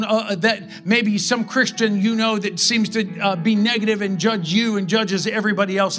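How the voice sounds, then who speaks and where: Preacher guy giving a sermon, bright sharp tone, slow dramatic pauses. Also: sits high. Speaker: pastor.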